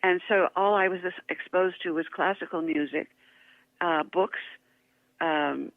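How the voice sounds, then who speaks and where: An older woman, a guest actress, telling lively anecdotes in an interview, laughing often and poking fun at herself. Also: lowish voice, measured pace, no room sound. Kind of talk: interview storytelling. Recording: tinny phone line.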